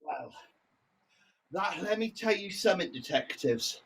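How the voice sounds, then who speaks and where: A blustering, indignant suspect, voiced by a performer scoffing at the accusation in an improvised stage mystery. The delivery is slow and deliberate, with the voice heard from a distance. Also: mid-range voice, a little hiss or hum. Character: Doug Spoddy, blustering accused lover. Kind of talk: improvised theatre role-play. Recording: distant from the mic.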